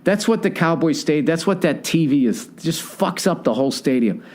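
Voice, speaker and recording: A podcast host in his forties with a Boston accent tells a rambling, profane comedic story, voicing the people in it. His voice is a little high and darkish, with lively intonation and a fairly quick pace.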